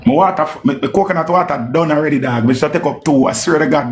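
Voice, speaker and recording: Animated Jamaican man reacting to dancehall. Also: a little high, quick pace, few pauses, roomy sound, a little hiss or hum. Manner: animated, repetitive, swears often, slips into patois. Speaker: music commentator. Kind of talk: casual live-stream reaction commentary.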